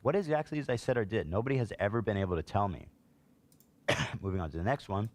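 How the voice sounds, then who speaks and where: A low-pitched man delivers heated political commentary on a live stream. He sounds exasperated and indignant, reading out online posts and then tearing into them. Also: quick pace, darkish tone. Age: adult, a parent.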